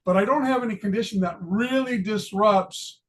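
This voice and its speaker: A man's voice: high voice, moderate pace. An older retired man giving a casual psychology lesson, chatty and joking about himself, with many ums and restarts. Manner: chatty, self-deprecating, many fillers and restarts. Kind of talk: casual lecture video.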